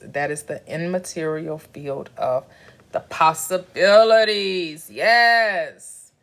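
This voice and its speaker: A woman's voice: fairly low pitch, fairly bright tone. A woman giving a preachy spiritual talk, repeating phrases and asking questions back to listeners. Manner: preachy, repetitive, call-and-response. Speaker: spiritual teacher. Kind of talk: motivational spiritual teaching.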